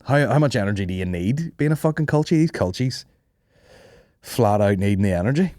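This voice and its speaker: A young man with a fairly low voice rambles through comic stories, swearing freely and laughing often. He talks casually as a podcast host. The recording is close and dry, with no room sound. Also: expressive, brisk, darkish tone, dry recording. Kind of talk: casual comedic storytelling.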